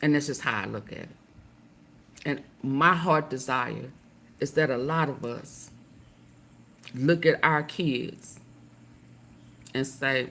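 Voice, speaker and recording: A woman's voice: extremely low pitch, takes it slowly, creaky, pauses often, bright, forceful tone, a little hiss or hum. A middle-aged woman hosting casual reaction commentary, emphatic and preachy, swearing freely. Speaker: commentary channel host.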